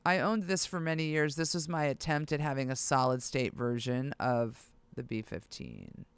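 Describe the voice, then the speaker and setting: A music producer vlogger talking casually to viewers, excitable and thinking aloud while browsing gear listings. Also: medium pitch, moderate pace, clean tone, dry recording. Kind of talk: casual vlog talk to camera.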